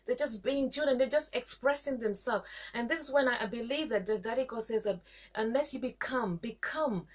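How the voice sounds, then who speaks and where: A woman hosting a show, giving a devotional teaching talk, repeating herself and pausing with fillers. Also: a little high. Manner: repetitive, halting, with many fillers. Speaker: show host and Christian teacher.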